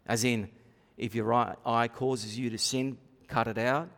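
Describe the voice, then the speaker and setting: A male pastor delivers an animated sermon, his voice rising to emphatic bursts and dropping to quiet asides. He sounds like he is in a church, with a long reverb trailing each phrase. His pitch sits in an ordinary middle range for a man. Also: unhurried, creaky. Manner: animated preaching with sudden loud and quiet swings.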